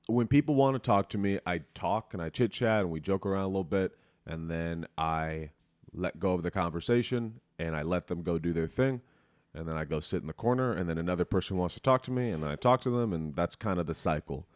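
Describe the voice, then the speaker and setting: Young man with a low, deep voice talks in a loose, rambling, unfiltered way as a podcast host. He speaks close to the mic, and the sound is dry with no room echo. His chat is casual and swears freely. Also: expressive, brisk. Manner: candid, rambling, profane.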